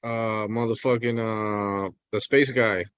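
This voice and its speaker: A man's voice: on the low side, fairly even intonation, takes it slowly, a bit bright, smooth. A man joining a livestream as a guest, casual and a bit hesitant, searching for words. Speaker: guest on the stream. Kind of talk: casual chat.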